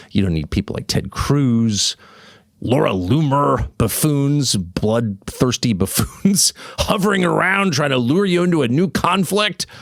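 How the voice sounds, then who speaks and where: A man's voice: deep voice, no room sound, clean studio sound. A man hosting an opinion monologue, sardonic and mocking. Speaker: host.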